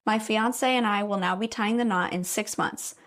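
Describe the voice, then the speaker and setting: A woman's voice: medium pitch, normal speed, a bit bright. A young woman gives casual commentary on stories she reads aloud. She is blunt and opinionated, and she swears freely as she talks. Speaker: story reader and commentator.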